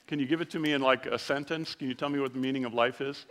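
A man's voice: medium pitch, fairly even intonation, quick pace, fairly bright tone. A male pastor preaching a sermon in a conversational, joking way, acting out quotes during a church service.

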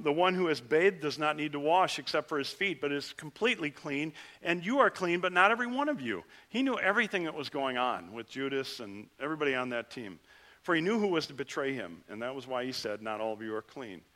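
A middle-aged male pastor giving a conversational sermon, swinging between lively rises and quiet drops. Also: fairly high pitch.

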